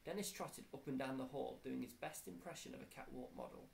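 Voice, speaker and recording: A male primary school teacher reading a children's book aloud in a warm storytelling way. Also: mid-range voice, a little fast, gravelly, slight background noise, poor audio.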